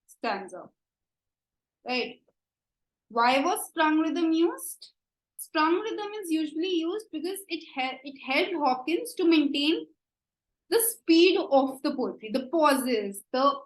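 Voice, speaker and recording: A woman with an Indian English accent giving an exam coaching lecture, slow and deliberate, often checking with "right?". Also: sits high, reverberant, low-quality recording. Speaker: teacher.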